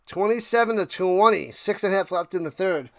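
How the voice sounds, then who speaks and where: High-voiced man calling a live game. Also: dry recording, studio quality. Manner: thanks chat viewers by name between game calls; rises loud and fast calling big plays. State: clearing his throat and coughing. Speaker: streamer doing live play-by-play. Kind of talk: casual live-stream play-by-play commentary.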